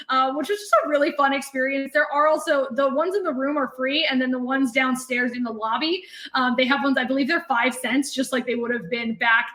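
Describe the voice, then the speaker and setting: A woman's voice: high voice, pushed and bright, echoey room. A young adult woman chatting as a podcast guest, explaining things step by step. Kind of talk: casual interview chat.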